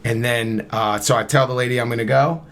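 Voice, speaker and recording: A man's voice: medium pitch, steady tone, brisk, fairly bright tone. A man in his thirties from Camden, New Jersey, a podcast guest casually telling a long story and acting out both sides of the conversation. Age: 30s.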